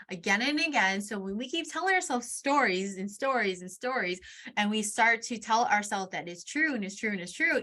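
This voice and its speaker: A woman's voice: medium pitch, sharp tone. A young woman hosting a podcast, speaking candidly about her own life in a personal monologue, swearing casually and repeating words for emphasis. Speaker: podcast host.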